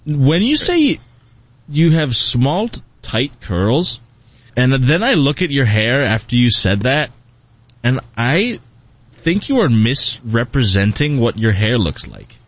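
A man hosts with playful, stop-start interjections. His husky voice swoops widely in pitch and sits close and dry. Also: very animated, slow pace, no echo. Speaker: comedy show host. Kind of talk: improvised comedy banter.

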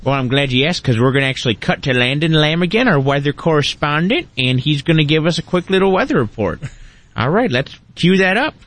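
A man co-hosting a comedy show, trading improvised banter with excitable, mock-angry outbursts. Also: fairly high pitch, fairly quick.

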